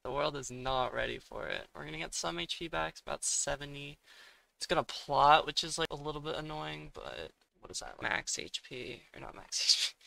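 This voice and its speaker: A man's voice: fairly high pitch, creaky, sharp tone. A young man giving casual commentary while he plays a competitive game, thinking aloud and muttering, with sudden exasperated outbursts. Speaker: gaming streamer.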